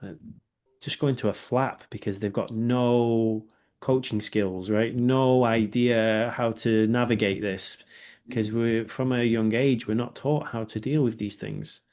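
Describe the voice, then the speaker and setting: A man, speaking as a guest in a candid, reflective interview and often checking in with a quick 'right?'. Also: mid-range voice, fairly even intonation, darkish tone. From England. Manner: reflective, with many filler words and rhetorical 'right?'.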